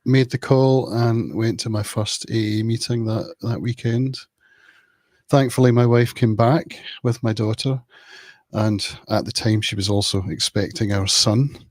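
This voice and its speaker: A man from Scotland with a Scottish accent, a podcast guest speaking calmly and candidly about his past over a video call. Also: on the low side, no room sound. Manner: calm, candid, measured storytelling. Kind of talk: personal recovery story in an interview.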